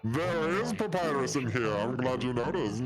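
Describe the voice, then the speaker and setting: A man's voice: mid-range voice, low-quality recording. A man chatting on a live stream in a playful, joking way, reciting tongue twisters for fun. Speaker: guest on a live art stream. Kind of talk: casual chat.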